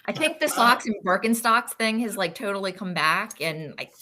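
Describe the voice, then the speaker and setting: A woman's voice: medium pitch, animated, moderate pace, a crowd in the background. A woman consultant chatting on a video call, upbeat and chatty. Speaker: title insurance consultant guest. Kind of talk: casual video-call chat.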